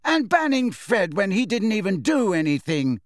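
A man's voice: high voice, very animated, no room sound, clean studio sound, pitched above the performer's own voice. Man doing an outraged teenage girl. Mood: indignant. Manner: numb, drawn-out delivery. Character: upset teenage girl teammate, numb then furious.

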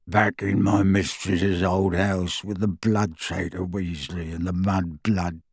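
A croaking, bitter old house elf. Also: male voice, sits low, fairly even intonation, dry recording, clean studio sound, voice pushed down, full character voice. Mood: sullen. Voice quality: croaking bullfrog voice. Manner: muttering, slow and grudging. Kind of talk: audiobook character voice.

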